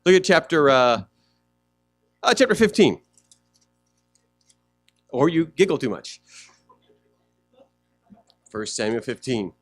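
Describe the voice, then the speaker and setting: A man's voice: medium pitch, sing-song, slow pace, long pauses, dry recording, soft background music. A male pastor preaching a sermon in a conversational way, often asking the congregation questions.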